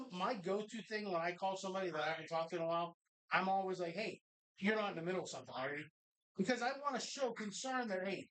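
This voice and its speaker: A man's voice: sits high, fairly bright tone, rough recording. A man co-hosting a live podcast taped in a bar, with a blunt, profane way of talking. He rants at length and pushes hard for straight answers. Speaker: co-host.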